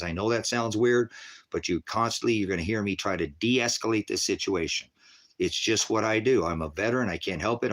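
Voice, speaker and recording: A middle-aged veteran talks viewers through his own footage in a low, heavy voice. His speech is profane and rambling, and it comes in intense bursts of commentary. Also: a bit bright. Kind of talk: emotional video commentary.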